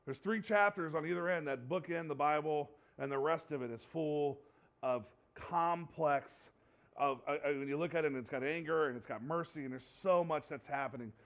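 A man preaching a conversational sermon, joking and animated, repeating phrases for emphasis. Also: a little high, normal speed, muffled recording. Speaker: pastor.

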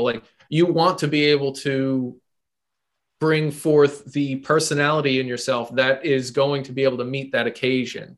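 Male co-host, mid-range voice, halting reflective delivery with many fillers. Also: medium pitch. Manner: thinking aloud, halting with many ums. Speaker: podcast co-host. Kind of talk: casual chat.

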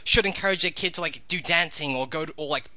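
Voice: medium pitch, fast, bright, forceful tone. A podcast co-host giving thoughtful opinions on a movie in a casual chat.

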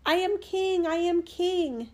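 A woman's voice: very high voice, slow pace, warm tone, pitched above the performer's own voice. A woman voicing a tiny, cocky male bird with a piercing, piping voice. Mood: crowing triumph. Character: tiny boastful male wren, shrill and cocky.

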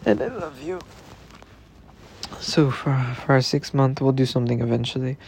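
A young man talking tenderly and rambling to his girlfriend in a personal podcast, sometimes dropping into soft whispers. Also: mid-range voice, normal speed, gravelly, husky. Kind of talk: intimate personal voice message.

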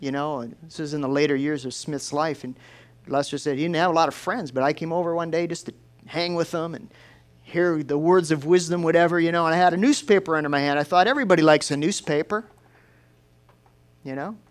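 Guy preaching, folksy storyteller vibe, a bit high-pitched. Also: fairly even intonation, brisk. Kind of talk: sermon.

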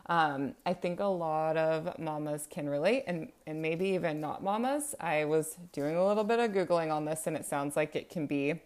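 Woman podcast host, chatty, somewhat low voice, casual solo talk, self-conscious, lots of ums. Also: a little mellow.

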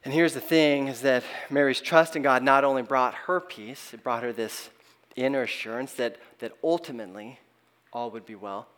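A middle-aged man, a pastor preaching a sermon in an earnest, halting way, often restarting and letting his phrase ends trail off softly. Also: mid-range voice, steady tone, smooth.

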